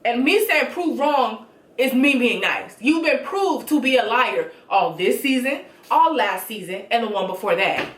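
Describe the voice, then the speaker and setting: A woman hosting a casual reality show recap, talking in a sassy, blunt and animated way. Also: on the high side, measured pace, reverberant.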